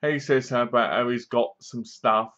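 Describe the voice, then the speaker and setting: A man at an ordinary mid pitch talks casually through a film's plot, slipping in dry, mocking jabs. He acts out snatches of scenes in comic voices as he goes. The recording sounds slightly dull and lo-fi. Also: steady tone, fairly quick, fairly bright tone. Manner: rambling, acts out bits of scenes in funny voices. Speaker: film reviewer. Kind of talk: casual spoken movie review.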